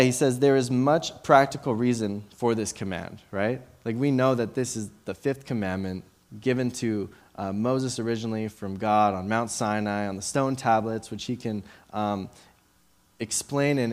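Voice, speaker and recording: A man in his late twenties giving informal Bible teaching. He tells a childhood story in a loose, conversational way, with many fillers and restarts. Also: mid-range voice.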